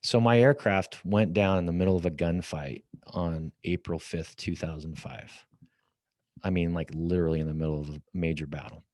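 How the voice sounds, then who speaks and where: Deep-voiced middle-aged man telling a story. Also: moderate pace, no room sound. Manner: lively storyteller, acts out quoted dialogue. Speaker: guest. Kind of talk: storytelling in a podcast interview. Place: office at company headquarters.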